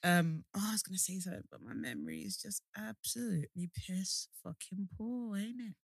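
A woman's voice: medium pitch, very animated, a little fast, gravelly, no room sound, clean studio sound. A young woman co-hosting a casual podcast, blunt and teasing, swearing freely. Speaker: podcast co-host. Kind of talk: casual chat.

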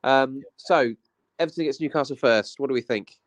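A man's voice: medium pitch, fairly quick, no room sound. Male podcast host, laid-back and teasing, dry close mic. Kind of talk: casual chat.

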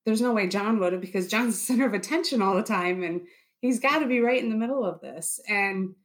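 A woman in her thirties telling her story in an interview, earnest and searching as she relives each moment. Her voice sits at a middle pitch, and she often slips into quoting what she said and thought. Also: fairly quick. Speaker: interviewee, bereaved military spouse. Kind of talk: personal testimony.

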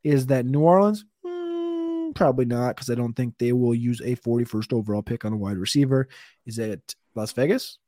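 A man's voice: mid-range voice, brisk, warm tone, dry recording. Man, podcast co-host, casual draft talk, rambling, stammers, dry sound.

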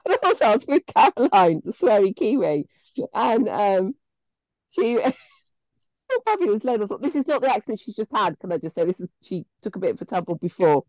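A woman's voice: mid-range voice, very animated, fast, darkish tone, no room sound, lo-fi sound. A woman co-hosting a podcast, telling stories in a chatty, sweary way with laughs mid-story. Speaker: podcast co-host. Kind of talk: casual chat.

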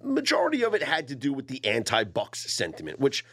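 A man co-hosting a betting podcast who talks through games in a casual way. His pitch moves animatedly up and down around a middle register. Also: a little fast. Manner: lively, animated analysis of games. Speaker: sports betting podcast co-host. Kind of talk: casual sports talk.

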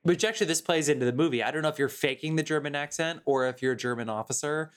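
A man co-hosting a laid-back movie podcast, talking with lively, profane energy. His voice sits a little high, and he jumps into quick impressions of characters as he goes. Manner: animated, swears freely, acts out quotes. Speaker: podcast co-host. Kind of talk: casual movie review chat.

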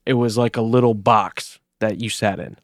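A man's voice: lowish voice, steady tone, normal speed, no room sound, clean studio sound. A young man co-hosting a podcast, telling a rambling story in casual chat and swearing freely. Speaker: podcast co-host.

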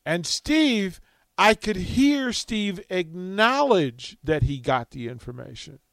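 A man's voice: sits high, very animated, slow, gravelly, no room sound. A man hosting a talk radio show, telling a funny story with lots of laughter.

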